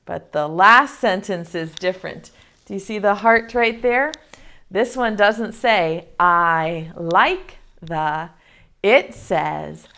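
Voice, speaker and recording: A young adult woman teaching an online preschool circle time lesson, slow and sing-song with playful giggles. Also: medium pitch, expressive, sharp tone.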